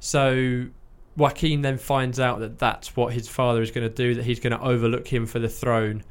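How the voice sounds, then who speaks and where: A man's voice: medium pitch, level tone, normal speed, smooth. A man hosting a podcast, chatting casually and enthusiastically about a film, with fillers and the odd swear word. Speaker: podcast host reviewing a film. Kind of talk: casual chat.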